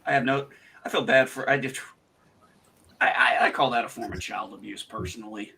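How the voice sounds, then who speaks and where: A man hosting a casual livestream chat, telling animated stories with lots of swearing and acting out his own retorts. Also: mid-range voice, brisk, creaky, breathy edge. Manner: animated, swearing storyteller, acts out quoted retorts. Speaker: host.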